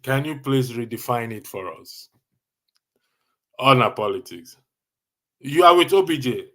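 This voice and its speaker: A man with a Nigerian accent hosting a casual livestream, answering chat comments and chuckling often in a teasing, animated way. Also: mid-range voice, unhurried. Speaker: livestream host.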